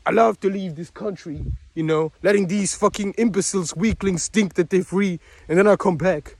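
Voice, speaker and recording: A man's voice: high-pitched, normal speed, darkish tone, no echo. A man delivering an angry, profane, rambling vlog rant, mocking others in quoted voices. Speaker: vlogger. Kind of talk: ranting monologue to camera.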